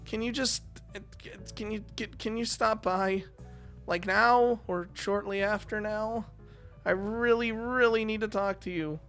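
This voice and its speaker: A man voicing a sporty young woman who talks in a rushed, breathless, pleading way. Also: sits high, fairly even intonation, a bit bright, soft background music, pitched above the performer's own voice. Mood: panicked pleading. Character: sporty young woman runner, cheerful but upset.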